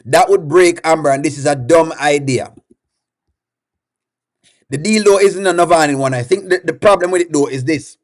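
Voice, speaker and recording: A man's voice: on the high side, moderate pace, pauses often. A man hosting a live-stream reaction show, chatting and putting questions to his viewers while reading their comments aloud.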